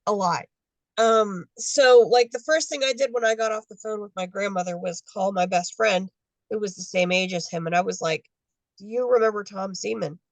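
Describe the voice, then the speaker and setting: A woman's voice: mid-range voice, moderate pace, no room sound, low-quality recording. A woman in her fifties telling her story casually on a video call, acting out the dialogue of people she met. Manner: animated, acts out dialogue in quotes. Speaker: guest adoptee.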